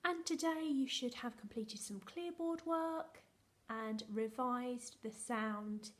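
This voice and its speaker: A woman with a fairly high voice, teaching phonics to young children in a recorded lesson. She speaks slowly and in a sing-song way, stretching out each letter sound and cheering the class on. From England. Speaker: primary school teacher.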